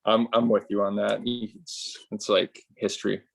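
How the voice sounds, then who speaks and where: A man's voice: on the low side, little pitch movement, a little slow, gravelly, slightly rough. A man interviewing a winemaker, talking hesitantly with many ums and restarts. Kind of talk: casual interview.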